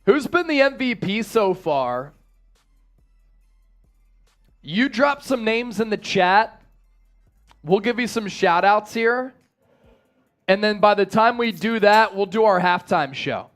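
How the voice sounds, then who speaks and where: A man hosting a live sports watch-party stream, reading out chat shout-outs and breaking down the game in casual, energetic talk. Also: sits high, slow pace, long pauses, soft background music.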